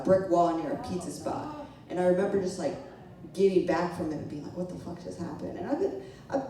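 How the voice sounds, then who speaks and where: A woman tells a rowdy personal story on stage, loose and chatty, with a laugh never far away. Her voice sits low and mellow. The sound comes from a distant mic in a very echoey room. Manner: casual, chatty, laughing and swearing often. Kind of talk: live storytelling to an audience. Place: small event room with a live audience.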